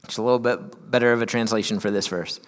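A man's voice: lowish voice, steady tone, quick pace, long reverb tail. A male pastor giving a sermon in a church, mixing reading aloud with candid, conversational asides.

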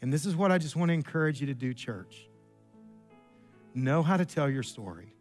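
A middle-aged male pastor delivering a sermon in a church, telling stories with animated swings of voice. He jumps up high when he quotes people. His voice sits a little high, with faint music underneath. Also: moderate pace. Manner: animated storyteller, jumps pitch for quoted lines. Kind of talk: sermon with storytelling. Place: church sanctuary.

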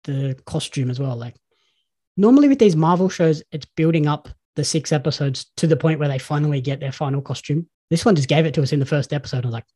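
An Australian man hosting a podcast in a relaxed, chatty way, recounting stories with real enthusiasm. His voice is mellow and slightly husky, sitting a little higher than most men's. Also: fast. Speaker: podcast host. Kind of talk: casual chat.

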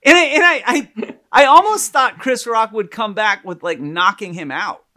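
A man in casual podcast conversation, telling an animated, rambling story with lots of restarts. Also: high voice, measured pace.

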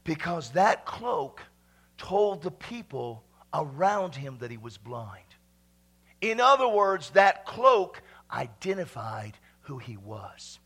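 A man preaching a fiery sermon in a high, bright voice with a gravelly edge. He leaps between shouted lines and near-whispers, leading the congregation to repeat and shout along. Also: sing-song, unhurried. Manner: dramatic swings from shouts to hushed whispers.

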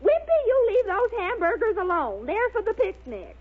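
A woman voicing a fussy, excitable young woman who frets and scolds, in 1930s radio acting. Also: extremely high pitch, narrow, tinny audio, full character voice. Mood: bossy. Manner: fussy, scolding, quick to fret. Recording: scratchy 1930s radio recording.

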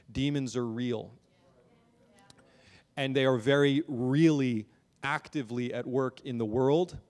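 A pastor speaking in a large hall preaches from a church pulpit, earnest and steadily building emphasis while frequently repeating his words. He has a mid-range voice with a darkish tone.

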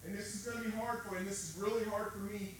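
A man preaching a sermon, conversational and animated, asking his listeners questions. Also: sits high, fast talker, slight background noise. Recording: echoey room with faint ambience.

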